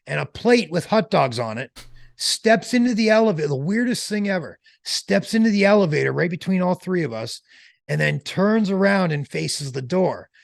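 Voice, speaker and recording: A man telling a long, animated anecdote as an interview guest, in a slangy, casual way. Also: on the high side, gravelly, no echo, clean studio sound.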